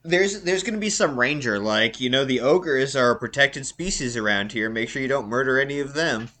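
Bright animated guy, wry jokey player at a tabletop game. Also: mid-range voice, a little fast. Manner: wry, joking.

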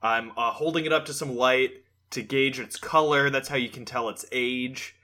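Dude playing tabletop rpg, bright voice, dry deadpan delivery. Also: male voice, medium pitch, normal speed. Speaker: player. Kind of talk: tabletop role-play, in character.

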